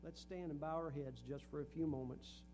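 A man's voice: on the high side, fairly even intonation, normal speed, noisy background. A middle-aged man preaching a sermon in a church, earnest, with a rising and falling preaching cadence. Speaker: pastor. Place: church sanctuary.

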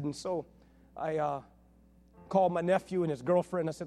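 High-voiced pastor telling a story. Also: male voice, normal speed, long pauses, soft background music. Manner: conversational, animated retelling with quoted dialogue. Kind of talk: sermon storytelling.

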